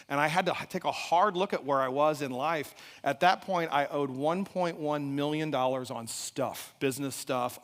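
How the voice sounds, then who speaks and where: A middle-aged man giving a motivational talk at a live event, telling a personal story with animated delivery and asking the audience questions. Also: mid-range voice. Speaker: event speaker. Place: large event hall. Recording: echoey hall reverb.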